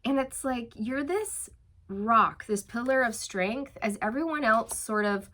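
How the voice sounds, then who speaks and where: A woman giving a casual tarot reading. She is chatty and encouraging, uses many fillers, laughs lightly, and slows down for emphatic reassurances. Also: a little high, lively intonation, bright, forceful tone. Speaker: tarot reader.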